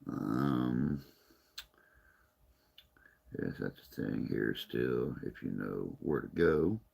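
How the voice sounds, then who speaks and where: A man's voice: very deep voice, lively intonation, drawn-out words, creaky, darkish tone, breathy edge. A man chatting casually on a live stream, rambling and folksy, a little tired and unwell.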